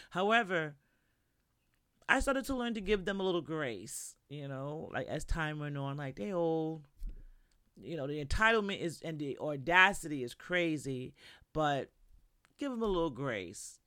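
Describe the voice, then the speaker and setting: A woman's voice: deep voice, animated, unhurried, fairly bright tone, no echo. Podcast host: a New woman, candid and profane, talking straight to the listener in a dry, dead room. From New York. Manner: blunt and profane, candid storytelling. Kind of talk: casual monologue.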